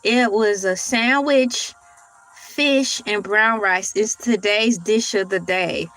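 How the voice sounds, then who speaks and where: A woman's voice: mid-range voice, slow, fairly bright tone, faint music behind, rough recording. A woman hosting a casual morning livestream, chatting to viewers, laughing often and reading search results aloud. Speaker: livestream host.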